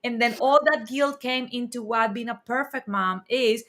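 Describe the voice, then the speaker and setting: A woman hosts a parenting interview with a bright, fairly high voice. She talks earnestly, working through her questions as she goes. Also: normal speed. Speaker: host. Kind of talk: casual interview.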